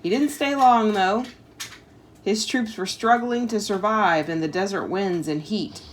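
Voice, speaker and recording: Unhurried and mid-range in pitch, a woman reads a history lesson aloud at home for her homeschooled child and chats about it. Her talk is full of casual asides, "like," and "um," over slight background noise.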